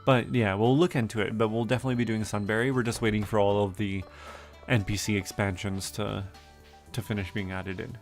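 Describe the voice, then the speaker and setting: Young canadian guy rambling to chat on stream, low voice, little bit of music behind. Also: fairly even intonation, fairly quick. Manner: chatty, reads and answers chat, many "like" fillers. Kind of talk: casual livestream chat with viewers.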